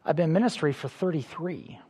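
A middle-aged male pastor delivers a sermon with a fairly high voice, swinging between loud bursts and quiet asides. His words ring out with a long reverb from a large church hall. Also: a little fast, slightly rough. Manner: animated preaching with sudden loud bursts and soft drops.

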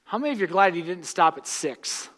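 A man preaches to his congregation with a bright, forceful voice pitched a little high. He swings between hushed, intimate lines and loud, impassioned bursts. The sound rings with the long reverb of a church sanctuary. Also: expressive, fast. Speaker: pastor. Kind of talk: sermon.

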